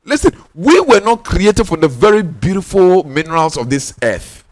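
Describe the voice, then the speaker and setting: A man's voice: high voice, very animated, dry recording. Ghanaian male spiritual teacher, raised voice, insistent delivery, dry room. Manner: emphatic, repeats key lines for stress; insistent, drawn-out stressed words.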